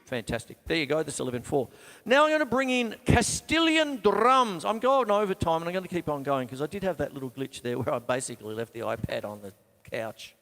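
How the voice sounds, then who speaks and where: A man's voice: on the high side, big pitch swings, a little fast, fairly bright tone, long reverb tail, faint music behind. A man hosting a live drum lesson, chatty and self-mocking, counting beats aloud between explanations. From Australia. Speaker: drum teacher and show host. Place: home studio with drum kit.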